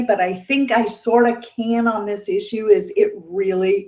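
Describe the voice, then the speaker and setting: A woman's voice: a little high, a little mellow, reverberant. A woman in her fifties, chatty and emotional, laughing often as she reads viewer comments aloud on her beauty livestream. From Indiana, United States. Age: 50s. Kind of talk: casual livestream chat, reading viewer comments.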